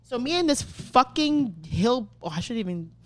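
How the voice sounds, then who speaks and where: A woman's voice: on the high side, normal speed. A young adult woman, a podcast host telling a story in casual, profane chat and acting out what people said. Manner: profane, animated, acts out quotes.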